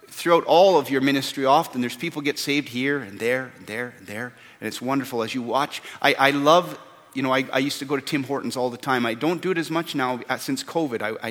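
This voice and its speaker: A pastor preaches a sermon earnestly, repeating words for emphasis. His voice sits in the mid range with a fairly bright tone, and the recording carries a long hall reverb.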